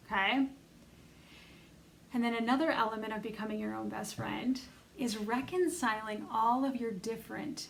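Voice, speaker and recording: A woman's voice: fairly high pitch, creaky, slight background noise, low-quality recording. A middle-aged woman giving an earnest, encouraging self-help coaching talk, speaking straight to her listeners. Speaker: self-love coach leading an online bootcamp.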